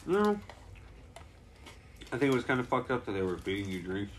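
A man's voice: mid-range voice, sing-song, normal speed, a little hiss or hum. A young man telling a story in casual chat, swearing often and laughing between lines.

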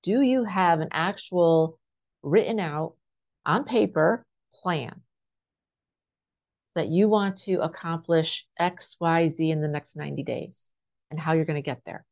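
Low-pitched female life coach; direct motivational delivery full of rhetorical questions. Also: measured pace, vocal fry, darkish tone. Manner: direct, asks rhetorical questions, keeps checking in with "right?". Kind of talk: motivational talk to camera.

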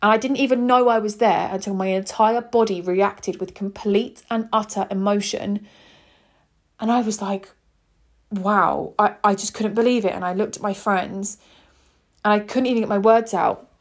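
A woman's voice: mid-range voice, fairly even intonation, moderate pace. Young woman telling her own story on a podcast, heartfelt, chatty, lots of "like". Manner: earnest, heartfelt, chatty with many "like"s. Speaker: podcast host. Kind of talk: personal storytelling monologue.

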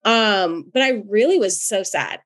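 A woman from North Carolina co-hosting a podcast as a therapist, telling personal stories in an animated, chatty way with frequent laughter. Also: mid-range voice, unhurried. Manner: animated, laughs often, chatty with many fillers. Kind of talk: casual chat and personal storytelling.

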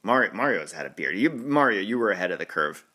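Chatty New man, bright voice. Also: lowish voice, sing-song, husky. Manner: rambling, chatty, laughs often, quick restarts. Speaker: podcast host. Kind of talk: casual sports podcast chat.

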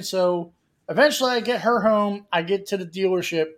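A man's voice: high voice, normal speed, fairly bright tone. A man hosting a radio talk show, telling a long, profane story and acting out other people's lines.

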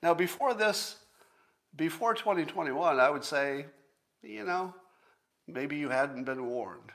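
A man in his sixties hosting a solo commentary show, talking in an emphatic, sarcastic and profane way and repeating points slowly for emphasis. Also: a little high, lively intonation, a bit bright. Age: 60s. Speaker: podcast host.

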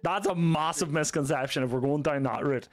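A man's voice: on the high side, a little fast, crowd noise. A man with an Irish accent, chatting as a podcast guest, swearing freely and laughing often. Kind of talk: casual podcast chat.

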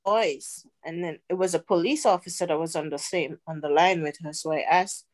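A middle-aged woman sharing a personal testimony as a podcast guest, earnest and unhurried with pauses. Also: deep voice, a little mellow. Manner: earnest, slow storytelling with pauses.

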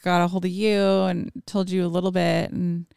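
A woman's voice: on the low side, flat delivery, normal speed, gravelly, darkish tone, clear, resonant tone, no echo, studio quality. A woman, a mother, telling a personal story in casual podcast talk, full of fillers and acted-out quotes. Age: adult with children. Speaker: podcast guest. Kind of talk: casual conversation.

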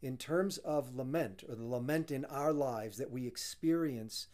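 A man's voice: mid-range voice, measured pace, darkish tone. A man teaching a psalm in casual conversation, earnest and emphatic, repeating key phrases and quoting Hebrew. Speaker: Bible teacher. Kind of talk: conversational Bible study.

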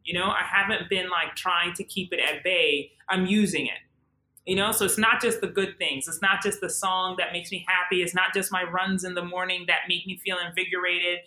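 A woman's voice: fairly low pitch, fairly even intonation, moderate pace, bright, forceful tone, reverberant. A woman in her forties, a guest speaking with passion and emphasis, often repeating herself. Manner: impassioned, emphatic, repeats words. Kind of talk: candid conversation.

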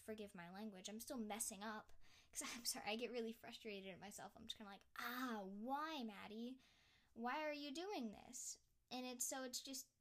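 Young female podcast host, casual solo rant, mid-range voice, thinks aloud with restarts. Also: mid-range voice. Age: young adult. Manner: rambling, self-reflective, frequent restarts and "you know".

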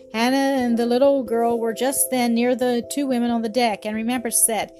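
A woman reading a storybook aloud in a calm, even way. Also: fairly high pitch, normal speed, hardly any pauses. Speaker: narrator. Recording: faint music behind.

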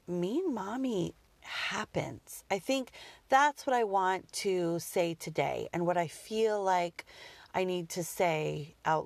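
A woman's voice: lowish voice, dry recording. Woman, thirties, podcast host, earnest, reflective, dry close sound. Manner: earnest, reflective, with frequent restarts. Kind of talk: personal podcast monologue.

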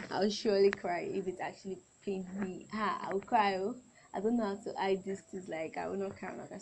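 A woman's voice: medium pitch, a little mellow, a little hiss or hum, rough recording. A young adult woman hosting a solo podcast, talking in a chatty, rambling way and often correcting herself. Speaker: podcast host.

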